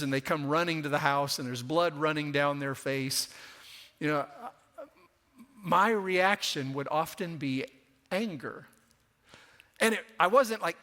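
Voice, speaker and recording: A man's voice: on the high side, bright, forceful tone. A middle-aged man preaching a sermon in a conversational way, sometimes acting out the voices of the people he quotes, in a church. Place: church sanctuary. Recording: long church reverb.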